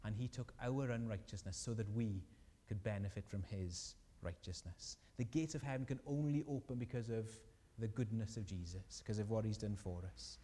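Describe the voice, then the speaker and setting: A man's voice: fairly low pitch, moderate pace, hardly any pauses, dark tone, long reverb tail. A man preaching a sermon as a pastor, earnest and rising in emphasis on key lines.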